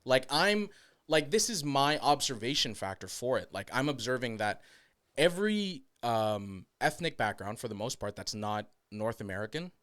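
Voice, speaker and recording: Animated young man telling stories. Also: mid-range voice, moderate pace, no room sound, studio quality. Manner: animated storytelling, slips into mock accents and voices. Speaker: podcast co-host. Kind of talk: casual chat.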